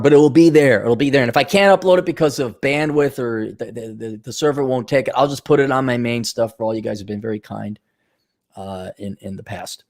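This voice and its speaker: A man from the Milwaukee area ranting in a casual vlog, blunt and sarcastic, with quick asides. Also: medium pitch. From Milwaukee area, USA. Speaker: vlogger.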